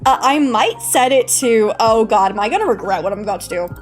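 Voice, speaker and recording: A young woman streamer chatting casually with her live chat, bubbly and giggly, greeting viewers warmly. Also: a little high, expressive, a little fast. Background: faint background music.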